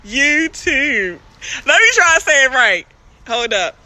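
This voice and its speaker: A woman's voice: high-pitched, very animated, normal speed, bright, forceful tone, no echo. A woman with a Baltimore accent, a truck driver chatting animatedly on a live stream, laughing often and swearing while she reads viewer comments.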